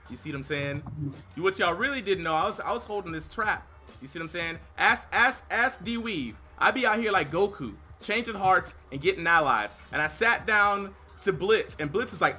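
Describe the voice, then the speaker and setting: Casual co-host, man, high bright voice, lively storyteller. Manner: animated storytelling, acting out other people's lines. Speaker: co-host, team captain. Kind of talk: casual commentary chat.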